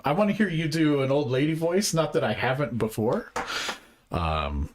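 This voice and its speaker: A woman's voice: a bass voice, animated, normal speed, background noise. A woman streaming a game voice-acting session, chatting casually with playful, swearing banter. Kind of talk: casual chat.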